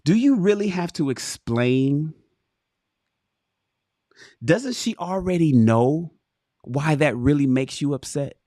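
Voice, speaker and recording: A man reading to his livestream audience in a lively voice that swings up and down. He swears freely and keeps turning to address viewers and chat directly. The sound is close and dry. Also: on the high side, takes it slowly, long pauses, dry recording. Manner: profane, animated, talks straight to viewers and chat. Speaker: livestream host reading a book aloud. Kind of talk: casual livestream reading with commentary.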